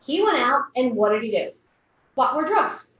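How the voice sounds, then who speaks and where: Woman keynote speaker, high voice, animated storyteller; distant lo-fi hall recording. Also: normal speed, slight background noise. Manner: storytelling, acting out quoted people. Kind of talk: conference keynote talk. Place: large conference hall. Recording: echoey hall, lo-fi from afar.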